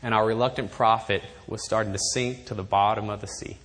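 A man preaching a sermon in a church, emphatic and animated, with wry asides. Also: lowish voice, brisk. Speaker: pastor. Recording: long reverb of a large hall.

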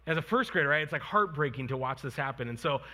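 A man's voice: fairly high pitch, expressive, quick pace, pushed and bright. A man in his thirties preaching a sermon and leading prayer, earnest and conversational, with fillers and restarts. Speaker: pastor. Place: church sanctuary. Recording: long reverb of a church hall.

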